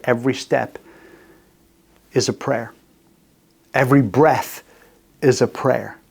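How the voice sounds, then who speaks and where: A man in his sixties hosting a radio faith talk, earnest and personal, speaking in short repeated phrases. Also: medium pitch. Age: 60s. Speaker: radio host. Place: radio studio.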